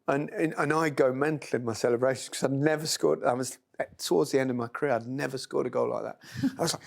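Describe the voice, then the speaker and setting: A middle-aged man hosting a casual football chat, telling stories and laughing loudly. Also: mid-range voice, creaky. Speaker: host.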